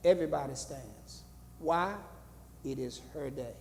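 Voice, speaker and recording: A man's voice: medium pitch, measured pace, vocal fry, darkish tone, big-room sound. A male pastor teaching a Bible study in a church, repeating phrases and asking the room questions in a preaching cadence. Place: church hall.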